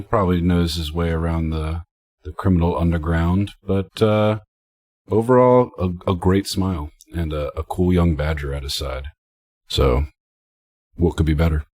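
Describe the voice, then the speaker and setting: Deep husky guy at the game table, laid back with some ums, dry close sound. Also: a little slow, no room sound. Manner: relaxed, a bit hesitant. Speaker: player. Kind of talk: casual tabletop podcast chat.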